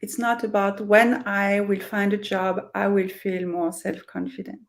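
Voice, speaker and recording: A woman's voice: mid-range voice, level tone, measured pace. A middle-aged woman with a French accent, a career coach speaking earnestly and reflectively in an interview over a video call, with many fillers and restarts. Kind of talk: interview conversation.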